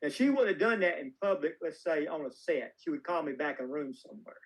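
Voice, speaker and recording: A man's voice: a little high, quick pace, breathy edge, low-quality recording. A filmmaker guest in a casual interview, a man telling folksy, rambling anecdotes with plenty of restarts.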